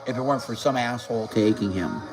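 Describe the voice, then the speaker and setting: A man's voice: medium pitch, fast talker, rough recording. A man talking casually to camera in a rambling way, stumbling, repeating words and swearing as he goes. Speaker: vlogger. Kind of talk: casual vlog talk. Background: faint music.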